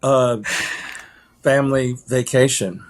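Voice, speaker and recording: A man's voice: medium pitch, fairly even intonation, slow. A man, a laid-back and wry guest chatting on a podcast over a video call. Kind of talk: casual video-call chat.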